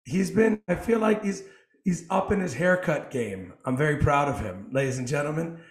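Guy hosting a podcast, kinda hoarse, upbeat and jokey, echoey room sound. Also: fairly high pitch. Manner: energetic, joking, quick asides. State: hoarse from coaching. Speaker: podcast host. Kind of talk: casual chat.

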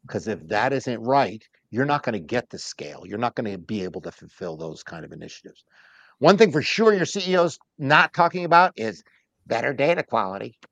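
Emphatic man, crisp and dry. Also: medium pitch, a little fast, dry recording. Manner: emphatic, animated, acts out other people's lines. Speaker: guest, data strategy keynote speaker. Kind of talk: casual podcast interview talk.

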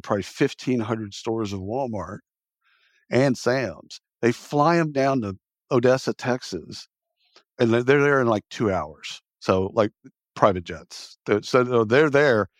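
A man in his fifties spins stories in a casual podcast interview, salty and blunt, acting out every quoted line. His voice sits at an ordinary middle pitch. The sound is dry and close with no room in it. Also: dry recording. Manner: animated storyteller who acts out quoted speech, blunt and salty. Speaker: podcast guest.

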